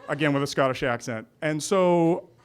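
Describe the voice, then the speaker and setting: Animated storyteller, male, acts out lines at a live show. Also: a little high, normal speed, a little hiss or hum. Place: restaurant storytelling night.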